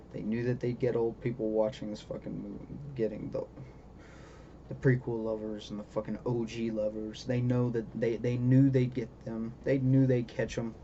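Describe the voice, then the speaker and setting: Swearing nonstop and punctuating his points with "okay?", a vlogger vents his exasperation over a show he dislikes. He speaks in a mid-range, dark-toned voice with vocal fry, and the lo-fi recording sounds dull, with faint ambient noise.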